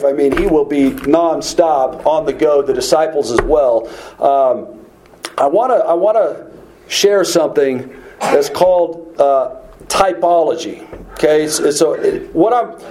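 Higher-voiced man preaching a Bible lesson. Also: dark tone, rough recording. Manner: conversational, with fillers and rhetorical questions. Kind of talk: bible teaching sermon.

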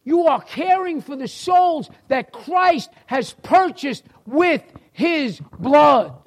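A man's voice: extremely high pitch, animated, takes it slowly. A middle-aged man with a New York accent teaching a church class in a folksy sermon style, talking to listeners by name.

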